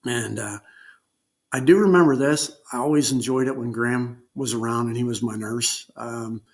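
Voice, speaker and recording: A man recounting a personal ordeal as an interview guest, speaking haltingly with frequent pauses and filler words. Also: medium pitch, steady tone. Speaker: guest telling his survival story. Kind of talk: unscripted personal storytelling.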